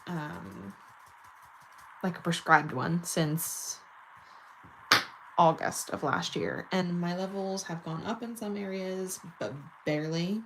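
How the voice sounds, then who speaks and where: A woman's voice: on the low side, slow pace, vocal fry, pauses often, noisy background. A woman chatting casually and giggling while doing her nails on camera. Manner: chatty, giggly, self-mocking. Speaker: nail vlogger.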